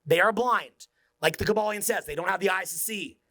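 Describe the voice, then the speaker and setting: A man's voice: sits high, brisk, pushed and bright. A man in his forties, a social skills coach, giving an intense, profane motivational speech that drops to near-whispers. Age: 40s.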